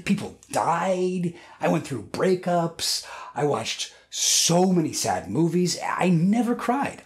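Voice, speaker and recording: A man's voice: a little high, a little mellow. A man in his thirties hosting a scripted comedic video essay, full of wry, self-mocking jokes.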